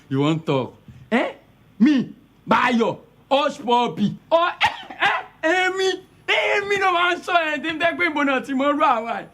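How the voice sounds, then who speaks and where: A man's voice: a little high, lightly acted. A man with a Nigerian accent playing a boastful, broke young man with dramatic outbursts, mixing in pidgin. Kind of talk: amateur skit acting.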